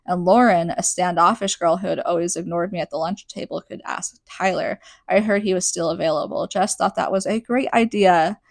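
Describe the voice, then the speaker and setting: A woman's voice: fairly low pitch, normal speed, creaky, few pauses, no room sound. A young adult woman hosting a podcast, recapping a book in a chatty, sarcastic way full of "like". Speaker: podcast host.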